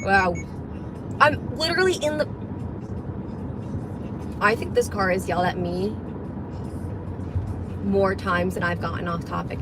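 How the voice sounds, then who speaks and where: A young woman livestreaming from a car, chatting in a rambling way and swearing casually. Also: mid-range voice. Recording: livestream in a car with road noise. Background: car and road noise.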